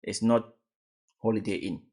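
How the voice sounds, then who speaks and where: A man's voice: lowish voice, steady tone, normal speed, warm tone. A man giving casual reaction commentary, emphatic and fond of repeated rhetorical questions.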